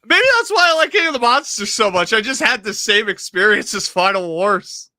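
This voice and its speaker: A man co-hosting a casual podcast, telling stories in an animated, profane way. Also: high voice, a little fast, no room sound, studio quality. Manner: animated storyteller, profane, laughs often. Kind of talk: casual chat.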